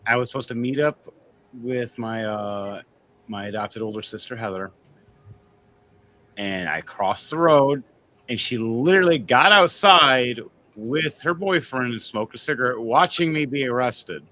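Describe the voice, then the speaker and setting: A man co-hosting a casual livestreamed podcast, animated and often laughing as he tells stories. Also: medium pitch, a little slow, a little hiss or hum. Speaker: podcast co-host.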